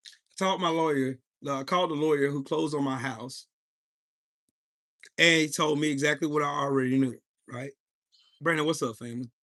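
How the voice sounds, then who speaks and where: A man in his forties hosts a live podcast and tells a heated story full of profanity, breaking off to greet his chat. His voice sits a bit higher than most men's. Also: fairly even intonation, moderate pace, long pauses, fairly bright tone. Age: 40s. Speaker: podcast host.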